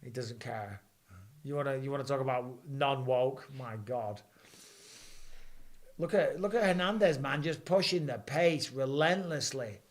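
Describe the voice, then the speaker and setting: A man, hosting a live fight watch-along and calling the action with rising excitement. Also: mid-range voice, a little slow. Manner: excitable, rising for big moments. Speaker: host. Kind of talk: live fight commentary and chat.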